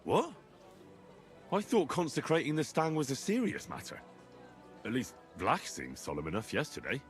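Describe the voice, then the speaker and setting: An actor voicing an earnest, cautious young hero who asks careful questions. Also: male voice, mid-range voice, huge pitch swings, normal speed, soft background music.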